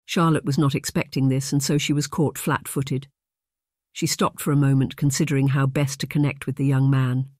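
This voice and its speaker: An audiobook narrator reads in an even, measured way, with a voice of middle pitch. The sound is dry and close, with no room around it. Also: no echo. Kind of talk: scripted narration.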